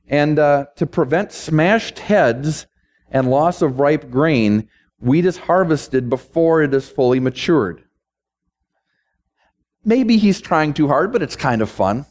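A male pastor delivering a sermon and prayer, building emphatic, repetitive rhetorical runs. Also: a little high.

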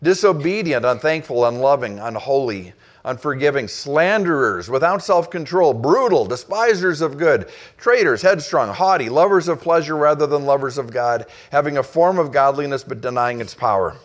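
A man's voice: medium pitch, animated, moderate pace. A middle-aged man preaching a sermon as pastor, earnest and storytelling, with frequent restarts and emphatic rises.

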